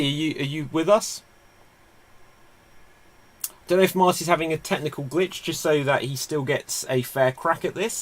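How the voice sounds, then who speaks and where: A man hosting a live-streamed comedy game show in a chatty, upbeat way. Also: medium pitch. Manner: chatty and upbeat, with quick asides.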